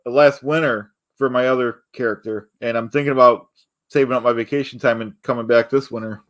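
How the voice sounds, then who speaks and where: A man's voice: mid-range voice, steady tone, brisk. Polite, hesitant male guest. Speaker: guest, parody performer. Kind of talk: casual livestream chat.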